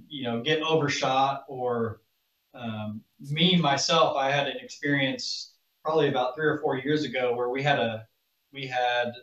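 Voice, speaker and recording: Guy guest on a podcast, kinda far from the mic, echoey room, dull lo-fi sound, halting talk. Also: medium pitch, fairly bright tone. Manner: halting, hesitant, many fillers and restarts. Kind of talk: casual podcast chat. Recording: roomy, distant, dull mic.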